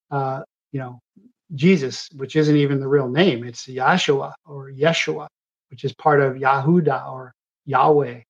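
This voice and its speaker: A man hosting a live political commentary show, rambling in a halting way with constant uh and um fillers and self-corrections. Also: fairly high pitch, lo-fi sound. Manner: halting delivery full of uh and um fillers.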